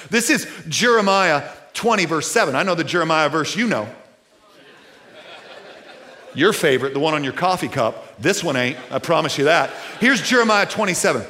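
A man preaching a sermon to a church audience in a casual, conversational way, full of fillers, swinging from loud to hushed. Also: a little high. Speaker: pastor.

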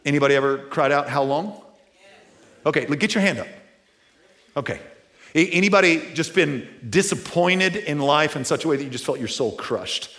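A man preaching a sermon to a church audience in a casual, conversational way, full of fillers, swinging from loud to hushed. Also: a little high, animated, normal speed. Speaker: pastor.

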